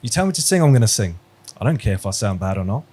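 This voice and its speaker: A man's voice: fairly low pitch, sing-song, quick pace, mellow. Man, religious teacher on a video call, chatty question-asking style. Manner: conversational, quizzing students, storytelling. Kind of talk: online class lesson.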